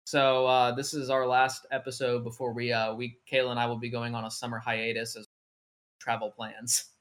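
Male podcast co-host, mid-pitched, casual and rambling, heavy on fillers. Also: flat delivery, moderate pace, a bit bright. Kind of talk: casual chat.

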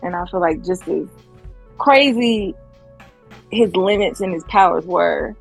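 A woman co-hosting an anime podcast in relaxed, conversational casual chat. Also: fairly low pitch, a little slow, vocal fry, soft background music. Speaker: podcast co-host.

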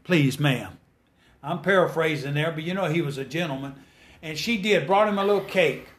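High-voiced preacher, fervent and folksy. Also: male voice, brisk, fairly bright tone. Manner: folksy, repeats phrases, rises to fervent exhortation. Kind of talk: sermon.

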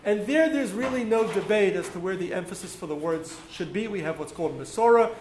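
A man teaching a class, explaining patiently with frequent ums and pauses. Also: high-pitched, animated. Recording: echoey room with faint noise.

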